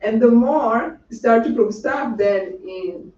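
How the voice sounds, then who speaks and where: A spiritual lecturer giving a public talk in a casual, conversational way, often checking in with the audience with a quick "right?". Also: mid-range voice, warm tone. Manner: conversational, peppered with rhetorical "right?" and asides. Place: lecture room. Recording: roomy, distant, dull-sounding room recording with faint background noise.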